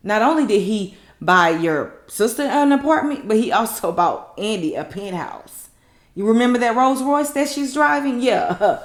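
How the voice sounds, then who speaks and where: A woman recapping a TV episode in a blunt, animated, slangy way. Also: medium pitch, moderate pace. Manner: animated, blunt, slangy storytelling with mocking quotes. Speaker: TV recap host. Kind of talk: casual recap talk. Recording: echoey room.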